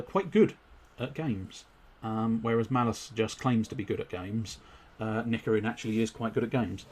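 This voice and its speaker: A man talks through a live gaming stream in a lowish, husky voice. He speaks in a wordy, politely formal way, full of ums and self-corrections. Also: darkish tone. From United Kingdom. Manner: wordy and politely formal, with many fillers and restarts. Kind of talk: casual live-stream chat.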